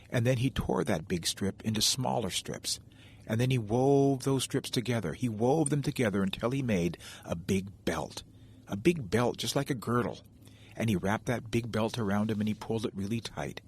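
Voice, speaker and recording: Husky-voiced male storyteller. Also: fairly low pitch, lively intonation, moderate pace. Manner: gentle, conversational, addresses listeners directly. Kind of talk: oral folk storytelling.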